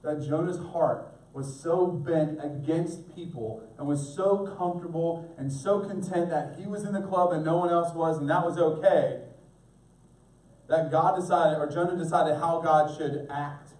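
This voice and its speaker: A man's voice: a little high, measured pace, darkish tone. A middle-aged male pastor preaching an earnest sermon, speaking directly to his congregation. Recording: echoey room, mic at a distance.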